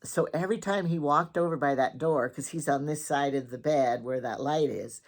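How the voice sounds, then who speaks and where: A woman's voice: deep voice, normal speed. A woman from Wyoming hosting her own casual morning show and telling rambling stories about her husband in a chatty, teasing way. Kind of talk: casual storytelling monologue.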